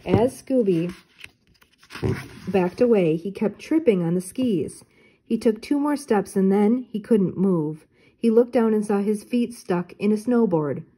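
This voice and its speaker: An older woman reading a children's storybook aloud in clear, even narration. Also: medium pitch, measured pace. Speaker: storybook reader.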